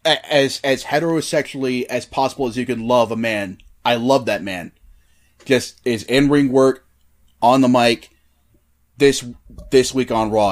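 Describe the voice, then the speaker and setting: A man co-hosting a wrestling podcast in casual chat, enthusiastic and often repeating words as he starts a thought. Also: mid-range voice. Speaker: podcast co-host.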